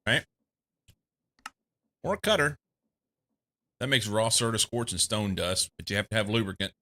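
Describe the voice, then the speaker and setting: A man streaming a game with a lowish, bright-edged voice, talking himself through each step in loose, chatty commentary. He sounds a little congested and laughs easily. He is from the United States and speaks close to a desk mic. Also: animated, moderate pace. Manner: thinking aloud, chatty, laughs often. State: slightly congested. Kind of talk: casual gameplay commentary.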